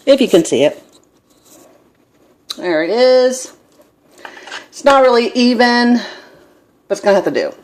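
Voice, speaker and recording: A middle-aged woman, filming a laid-back cooking vlog on her phone at home in the kitchen, keeps drifting into stories at her own expense. She speaks unhurriedly and expressively in a higher voice, pausing often.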